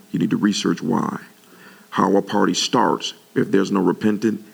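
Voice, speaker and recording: Speaking at ordinary speed, a male pastor gives a sermon with a low, gravelly, rough-textured voice. His animated delivery sends his pitch leaping whenever he grows excited.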